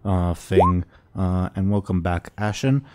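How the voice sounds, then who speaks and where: A man narrating as game master of a tabletop role-playing game over a voice call, talking in a rambling, halting way full of fillers, and he has the hiccups. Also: sits low, darkish tone.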